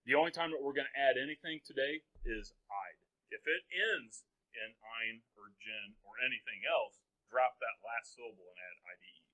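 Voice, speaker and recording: Man, teacher lecturing a class; bright, joking, keeps asking students questions. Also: mid-range voice, normal speed, few pauses, low-quality recording. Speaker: high school chemistry teacher.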